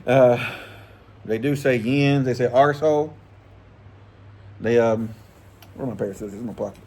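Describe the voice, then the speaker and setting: A middle-aged man talks in a loose, rambling vlog style. His pitch sits in the ordinary middle, and he swears freely with easy chuckles. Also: normal speed, darkish tone, breathy edge. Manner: rambling, profane, laid-back, chuckling. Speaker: fishing channel host. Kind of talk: casual vlog chat.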